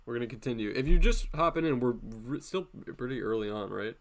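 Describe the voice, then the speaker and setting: A man's voice: medium pitch, animated, fast talker. A man hosting a drawing live stream, talking casually and playfully as he draws, often laughing.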